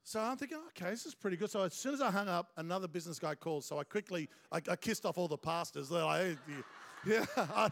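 A man preaching and telling a story in an animated, excitable way. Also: high-pitched, quick pace, vocal fry, a little hiss or hum. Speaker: pastor. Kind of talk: storytelling sermon.

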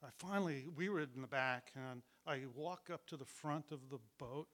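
A man's voice: mid-range voice, normal speed, a bit bright. A middle-aged man telling a personal story in a chatty way, laughing now and then and acting out what people said. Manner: chatty, laughing as he tells it, acts out the voices.

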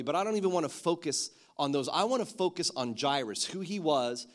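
Animated preacher with an Australian tinge. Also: male voice, a little high. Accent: Australian-tinged English. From Philippines. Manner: storytelling, animated, repeats words when starting sentences. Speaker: pastor. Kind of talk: sermon.

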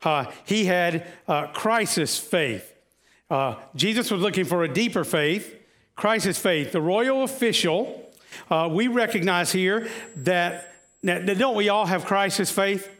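A male preacher with a high-pitched voice delivers a conversational sermon. He keeps turning to the congregation with questions, and his talk is sprinkled with "uh"s and restarts. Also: measured pace, fairly bright tone.

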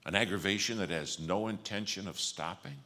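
A man preaching a sermon, telling a story and acting out the dialogue, going from loud to hushed. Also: low-pitched, a little fast. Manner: animated storyteller, acts out quoted dialogue, swings from loud to hushed.

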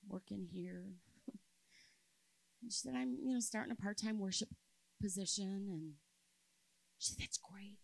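A woman in her fifties preaches with a gravelly, creaky edge to her voice, recorded dry and close. She tells a personal story from the pulpit, rising to loud, emphatic bursts and then dropping to soft, hushed lines. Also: mid-range voice, no room sound, poor audio. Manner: expressive, swings between loud emphasis and soft quiet storytelling. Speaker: speaker at a church camp. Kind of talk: sermon with storytelling.

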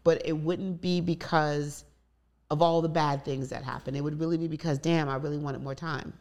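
A woman's voice: deep voice, fairly even intonation, moderate pace, a little mellow. A woman in candid conversation, telling personal stories openly with many asides. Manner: open, storytelling with many asides. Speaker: guest.

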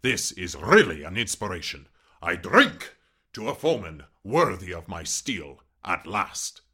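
A man's voice: deep voice, big pitch swings, measured pace, pushed and bright, slightly rough, full character voice. A man voicing a suave, menacing aristocratic Cossack general in an audiobook reading, with a courtly, mocking manner.

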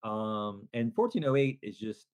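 An animated man chatting on a movie podcast, his pitch leaping up and down as he retells a scene. He rambles and restarts, and he jumps into a high, loud voice whenever he acts out a character. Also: unhurried, clear, resonant tone. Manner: rambling with many restarts and fillers. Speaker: podcast co-host. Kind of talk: casual movie podcast chat.

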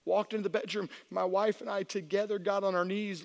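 A middle-aged man preaching as a youth pastor, telling a personal story that swings from hushed to shouting. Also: sits high, fairly even intonation, fairly quick, gravelly, few pauses. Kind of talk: sermon. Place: large church hall. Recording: long hall reverb.

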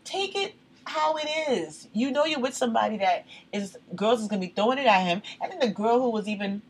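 A woman's voice: medium pitch, husky. A woman co-hosting a casual chat, blunt and outspoken, swearing freely.

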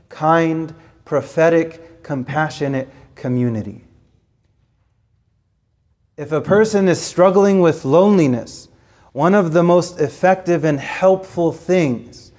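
A man's voice: a little high, darkish tone. A man giving an earnest sermon, repeating phrases for emphasis and reciting scripture in Arabic. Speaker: Islamic preacher.

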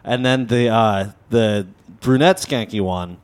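A man's voice: lowish voice, unhurried, clean tone. A man hosting a podcast, telling a story in casual chat, swearing and acting out the quotes. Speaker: podcast host.

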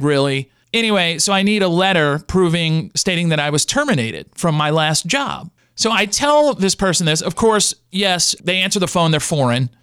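A man in his thirties rants comically about his day. His voice is clear, smooth and sits fairly high. He jumps up in pitch as he gets worked up, and the recording is close and dry. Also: no echo. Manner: animated ranting, jumps up in pitch when angry. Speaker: radio show host. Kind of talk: comedic rant monologue.

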